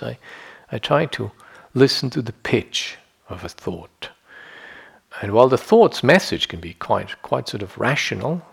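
Middle-aged man, gravelly husky voice, relaxed dharma talk, conversational asides. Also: medium pitch. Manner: reflective, conversational, frequent "you know" and "yeah?". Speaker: meditation teacher.

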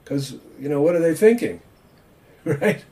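A man's voice: fairly high pitch, a little slow. Older man giving a chatty Zen talk. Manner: chatty, self-mocking, animated asides. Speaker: Zen teacher and author. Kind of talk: informal dharma talk on a video call.

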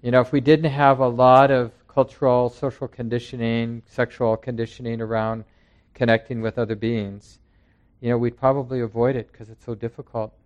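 A man leading a talk at a meditation center, speaking in a relaxed, reflective way to a seated group. His voice sits at an ordinary middle pitch, and he talks through a handheld mic that gets passed around the room. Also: moderate pace, muffled recording. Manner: conversational and reflective, with acted quotes. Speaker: meditation teacher. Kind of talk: dharma talk with group discussion.

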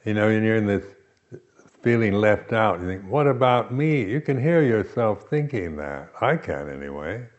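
A man giving a reflective dharma talk as a meditation teacher, pausing often and restarting his phrases. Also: fairly low pitch, lively intonation, muffled recording. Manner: slow, reflective, with many pauses and restarts.

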